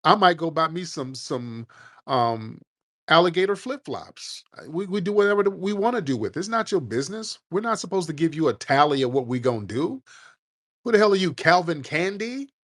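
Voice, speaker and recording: A man's voice: on the high side, sing-song, brisk, fairly bright tone. Blunt combative male host. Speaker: show host. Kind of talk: heated live call-in debate.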